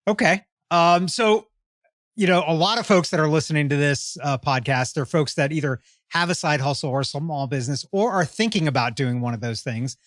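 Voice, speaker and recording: A man's voice: fairly high pitch, a little fast, dry recording, studio quality. A middle-aged man hosting a podcast, asking long, friendly framing questions and affirming often. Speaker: podcast host. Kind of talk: interviewing.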